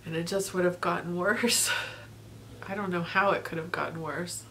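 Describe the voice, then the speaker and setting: A woman's voice: fairly low pitch, fairly even intonation, normal speed, a bit bright, a little hiss or hum. Tearful, grateful woman vlogger laughing through it. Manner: rambling with many fillers. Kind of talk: personal video diary.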